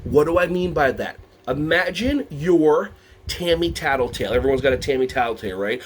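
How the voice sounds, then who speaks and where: A man presenting a teacher workshop, talking to a live audience, asking them questions and acting out quotes in high put-on voices. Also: animated, a little fast, a little hiss or hum. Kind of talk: lively teacher workshop talk.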